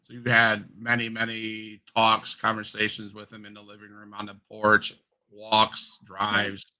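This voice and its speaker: A man's voice: lowish voice, completely flat delivery, measured pace, bright, forceful tone, low-quality recording. A man hosting a podcast interview, asking long rambling questions with many restarts. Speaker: podcast host. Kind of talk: interview conversation.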